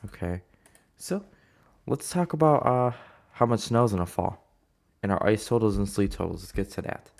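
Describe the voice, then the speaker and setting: Guy going over snow maps, kinda low voice, lots of uhs and restarts. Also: animated, gravelly. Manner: rambling, halting, many fillers and restarts. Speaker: amateur weather forecaster. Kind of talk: casual weather map walkthrough.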